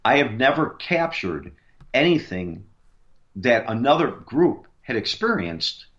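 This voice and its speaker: A man's voice: medium pitch, big pitch swings, slow pace, a bit bright, highs cut off. A man, a paranormal investigator, tells a long story in a rambling way, with many fillers and restarts. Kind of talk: casual storytelling on a radio interview.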